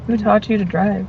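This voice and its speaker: A man's voice: sits high, creaky. A man chatting on a voice call while driving, talkative and joking, laughing often and swearing casually. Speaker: friend on a call. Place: in a car. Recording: muffled call audio with road noise.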